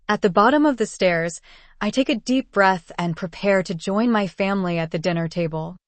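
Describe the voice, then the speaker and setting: Woman, storybook narration, steady measured delivery, dry recording, mid pitch. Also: no room sound. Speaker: audiobook narrator. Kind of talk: scripted first-person narration.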